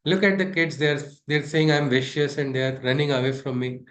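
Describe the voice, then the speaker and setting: A wronged, complaining snake from an old fable, put on by a man as he tells the story. The voice sits a little high for a man and keeps its grievance lightly acted, close to the teller's own speech. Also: steady tone, a little fast, fairly bright tone, natural voice. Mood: hurt. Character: hurt, indignant male snake from a fable. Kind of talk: retelling a fable in a class.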